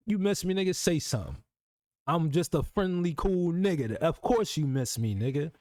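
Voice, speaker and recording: A man streaming live talks in with a lively, swooping pitch. He teases and curses freely. His raised voice sits over a dry, close mic. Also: moderate pace, no echo. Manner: animated, teasing, swears a lot, mocking quoted voices. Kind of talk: casual livestream banter.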